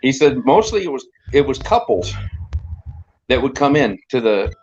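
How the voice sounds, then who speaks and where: A man's voice: mid-range voice, sing-song, moderate pace, a little mellow, highs cut off, a little hiss or hum. A middle-aged man telling rambling, crude stories in casual chat as a regular on the show. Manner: rambling, crude, laughing storyteller.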